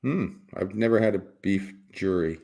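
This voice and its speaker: A middle-aged man with a low voice hosts a laid-back livestream, reading chat aloud in a loose, rambling way. His tone is rough and gravelly, and he teases viewers and chuckles often. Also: moderate pace, mellow. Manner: rambling, teasing, chuckles often, repeats words. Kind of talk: casual chat.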